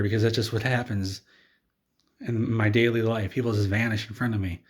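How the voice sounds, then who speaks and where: A man telling an absurd comedic story in a rambling, deadpan way. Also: fairly low pitch, a little fast.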